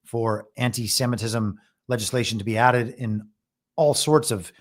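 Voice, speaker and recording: A man hosting a political commentary podcast, reading out news items and remarking on them in a measured way. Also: medium pitch. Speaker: podcast host and moderator.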